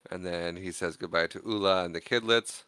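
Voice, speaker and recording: Bright, clear-voiced man recapping a movie. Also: low-pitched, fairly quick, no echo. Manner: acts out characters' lines in exaggerated voices while recapping. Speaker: podcast co-host. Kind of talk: casual movie recap chat.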